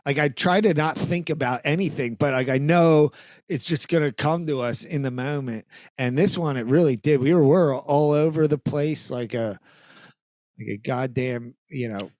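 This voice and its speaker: Slightly high, dry-voiced podcast man. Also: moderate pace, darkish tone, dry recording. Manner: storytelling, hesitant with many fillers. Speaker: podcast co-host. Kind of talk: casual comedy chat.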